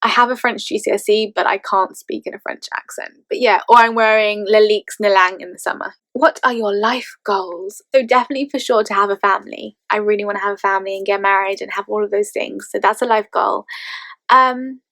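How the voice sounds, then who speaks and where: A young English woman chats through vlog tag questions in a playful, talkative way, laughing easily between answers. Her voice sits at an ordinary middle pitch. It is recorded close and dry, with no room sound. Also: steady tone, a little fast, a bit bright, no room sound. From England. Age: 20s. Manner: chatty, playful, laughs often. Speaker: vlogger.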